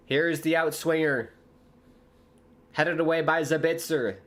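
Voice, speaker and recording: A young American man, a streamer commentating live on a football match with viewers, bursting into loud exclamations at big moments. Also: on the high side, fairly even intonation, unhurried. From United States. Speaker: watchalong streamer.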